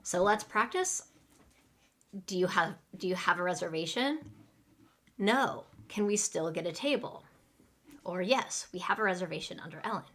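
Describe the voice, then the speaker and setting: A woman teaching English in a live online class, speaking slowly and clearly and acting out restaurant phrases for learners to repeat. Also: lowish voice, animated. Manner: slow, clear teaching delivery with role-play lines.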